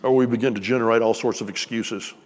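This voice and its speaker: A man's voice: medium pitch, fairly even intonation, fast. Preacher man in a reverberant hall. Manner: conversational, joking with the congregation. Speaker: pastor. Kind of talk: sermon. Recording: long reverb of a church hall.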